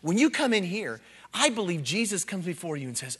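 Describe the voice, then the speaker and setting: A man preaching a revival sermon as an evangelist, earnest and self-deprecating, dropping to hushed storytelling and rising to loud emphatic bursts. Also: sits high, big pitch swings, a little fast, a little hiss or hum.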